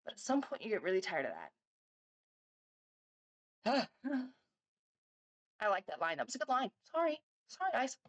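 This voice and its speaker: A woman's voice: fairly high pitch, very animated, measured pace, long pauses. A woman in her thirties, a reaction vlogger chatting casually, rambling through stories with lots of fillers and restarts. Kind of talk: casual chat.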